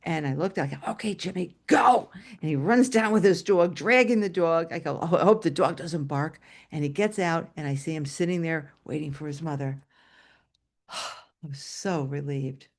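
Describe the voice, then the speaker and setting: An older woman, a former teacher, tells a story to an audience over a video call, animated and acting out the voices, with asides to her listeners. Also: deep voice.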